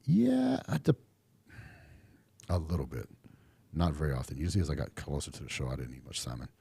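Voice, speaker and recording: A man's voice: a bass voice, huge pitch swings, brisk, creaky, dark tone, breathy edge, dry recording. A middle-aged man from Texas, a podcast guest talking casually with a laid-back drawl and lots of fillers. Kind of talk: casual interview chat.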